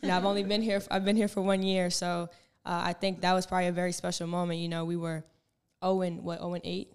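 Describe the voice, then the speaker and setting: Calm young woman, smooth low voice. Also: fast talker. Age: young adult. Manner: calm and reflective, many filler likes. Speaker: college basketball player being interviewed. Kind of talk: casual interview.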